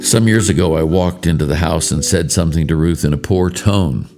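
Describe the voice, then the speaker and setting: A man in later life giving a spoken devotional, telling stories in a measured, earnest way. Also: sits low, darkish tone, faint music behind. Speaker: devotional speaker.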